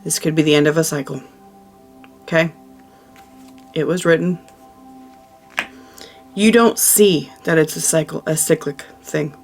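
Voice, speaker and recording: A woman's voice: deep voice, fairly even intonation, measured pace, pauses often, soft background music. A woman giving a casual tarot reading, chatty and emphatic, who often repeats her phrases. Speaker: tarot reader.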